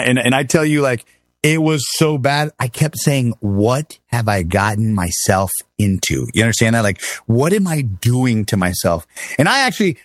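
A former army officer in his fifties appears as a guest, telling stories casually in conversation. His voice is medium-pitched and recorded dry in studio quality, and he acts out quoted voices with big vocal swings.

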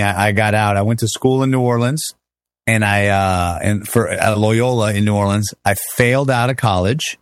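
A middle-aged man from Miami telling stories as a guest in a casual interview, talking in an animated way with lots of fillers and restarts. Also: on the low side, no echo, clean studio sound. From Miami, Florida.

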